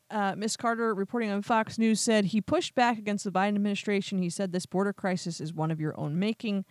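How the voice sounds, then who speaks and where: A woman's voice: medium pitch, dry recording. A woman host giving opinionated news commentary, sarcastic and incredulous, retelling quotes with exasperation. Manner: quotes others in animated retellings.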